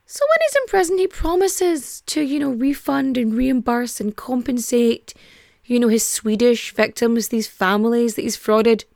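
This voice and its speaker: A woman's voice: a little high, animated, a little slow, gravelly, a little mellow, dry recording, studio quality. A young woman hosting a podcast, telling a true-crime story in a chatty, digressive way with casual swearing. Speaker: podcast host.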